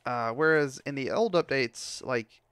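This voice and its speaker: A man's voice: mid-range voice, unhurried, fairly bright tone, clean tone, no echo. A young man giving casual commentary while playing a game, ranting and swearing when things go wrong. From United States. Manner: frustrated ranting, heavy swearing. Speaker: gameplay commentator.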